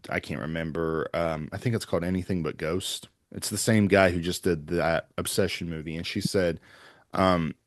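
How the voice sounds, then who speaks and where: Middle-aged male pastor, low voice, dry close sound, earnest rambling storyteller who quotes everyone. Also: no room sound. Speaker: pastor and evangelist. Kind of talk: storytelling in a podcast interview.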